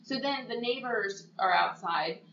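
A woman's voice: a little slow, vocal fry, slight background noise. A woman chatting casually as a podcast co-host, retelling a story and jumping into the characters' lines. She sits in an echoey room, and the recording sounds a bit dull and lo-fi. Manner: animated storyteller who acts out quotes in a higher voice. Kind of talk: casual chat recapping a TV movie.

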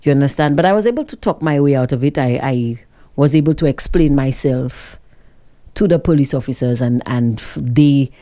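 A woman co-hosting a casual talk show, telling stories with animated emphasis. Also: rumbling low, normal speed. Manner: animated storyteller, retells quotes with rising emphasis. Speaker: co-host.

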